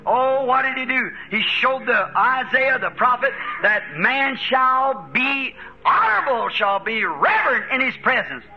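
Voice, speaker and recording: High-voiced fervent American preacher, lo-fi tape. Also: male voice, animated, a little slow, soft background music. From United States. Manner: fervent, chuckling, rising to shouts. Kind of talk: sermon.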